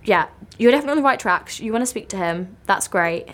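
A young woman co-hosting a chat podcast, giving advice and teasing her friend with quick asides. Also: medium pitch, lively intonation. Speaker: podcast co-host. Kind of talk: casual chat.

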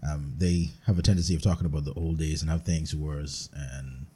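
A man's voice: very deep voice, fairly even intonation, a little fast, warm tone, husky. A young Bahamian man on a podcast panel, telling blunt, profane stories in casual banter. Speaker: podcast guest.

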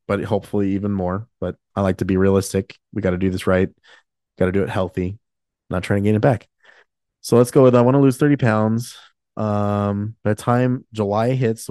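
A man's voice: fairly low pitch, a little mellow, clear, resonant tone, no echo, clean studio sound. A man in his late twenties hosting a podcast, talking candidly in a rambling, casual way with many fillers and restarts. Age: 20s. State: emotional, choked up. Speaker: podcast host.

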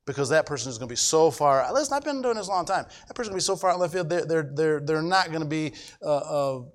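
A man's voice: a little high, expressive, fast talker. A middle-aged male pastor preaching a sermon emphatically, repeating his points and checking that the congregation follows. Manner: emphatic, repetitive, asks the congregation if they follow.

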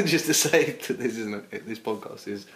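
A man's voice: mid-range voice, very animated, a little slow, fairly bright tone. A man co-hosting a casual podcast. He teases dryly and keeps steering the talk back to the question. His mid-range voice rings in an echoey room. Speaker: podcast co-host. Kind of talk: casual chat.

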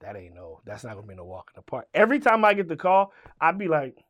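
With a fairly high, slightly bright voice whose pitch swoops wildly, a middle-aged Richmond, Virginia rapper talks at normal speed as an interview guest. He tells an animated, swear-filled story, acting out both parties in every conversation.

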